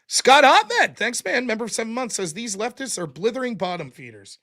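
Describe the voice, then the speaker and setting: A man hosting a casual livestream reads out donors' names and amounts, answering each with dry quips. His voice is very high and a bit bright, with a sing-song lilt at a moderate pace.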